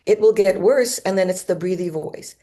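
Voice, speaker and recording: A woman's voice: medium pitch, moderate pace, mellow. A woman giving a lecture at a medical conference in an auditorium, explaining symptoms and now and then imitating them with her own voice. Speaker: conference speaker.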